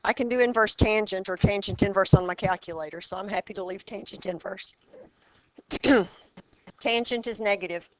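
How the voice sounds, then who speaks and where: A woman teaches a math class as a classroom lesson, quizzing her students and guiding them through problems step by step in a brisk, encouraging way. Her voice is medium-pitched and slightly bright.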